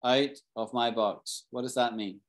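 A British man teaching an English class, explaining expressions slowly, repeating key phrases and asking his students questions. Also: mid-range voice, steady tone. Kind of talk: live online English lesson.

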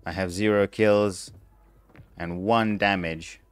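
A man's voice: deep voice, steady tone, slow, faint music behind. A young man streaming a game live, chatting casually and explaining things step by step, with frequent restarts. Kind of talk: casual live gameplay commentary.

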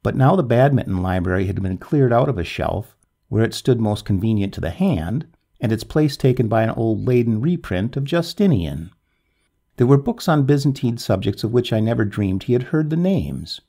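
Gravelly man reading a ghost story. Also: normal speed. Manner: dramatic storytelling with very lively swings in pitch. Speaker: narrator. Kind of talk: audiobook reading of a classic story.

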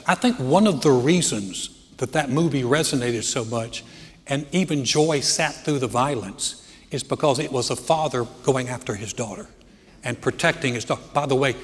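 A middle-aged man preaching a sermon as pastor, telling family stories and growing animated as he jokes. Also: mid-range voice, slightly rough. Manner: storytelling, animated when joking. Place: church hall. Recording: church hall with long reverb.

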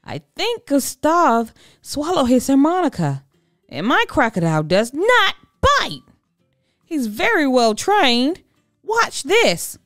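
A woman voicing a confident, cheerful young boy with a bright, upbeat manner in a children's storybook. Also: sits high, big pitch swings, takes it slowly, dry recording, studio quality, faint music behind, pitched above the performer's own voice, heavily acted. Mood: proud.

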